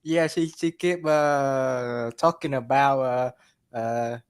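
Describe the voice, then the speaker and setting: Halting man, dry close sound. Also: medium pitch, smooth, no room sound. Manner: halting, full of uhs. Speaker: new investor on the call. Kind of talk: casual chat.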